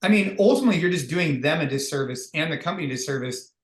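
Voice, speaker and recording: A man hosts a relaxed podcast conversation about running a fitness business, upbeat and reflective. His voice sits fairly high for a man, and he often restarts his sentences. The recording has a roomy echo around him. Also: fast talker. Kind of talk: casual podcast chat.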